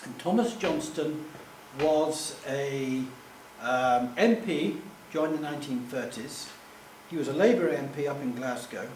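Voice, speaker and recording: A man's voice: mid-range voice, unhurried, darkish tone. A man giving a live talk to an audience, rambling and self-deprecating, with jokey asides. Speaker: public speaker. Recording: echoey room, distant mic, faint hum.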